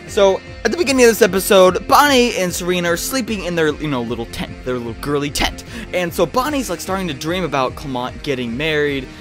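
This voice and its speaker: A man giving a rambling, excitable casual review of a cartoon episode, often restarting his sentences. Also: high-pitched, fairly quick, faint music behind.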